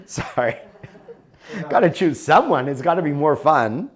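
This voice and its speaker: Male workshop teacher, animated and conversational, widely varied pitch. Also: slow. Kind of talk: recorded workshop talk.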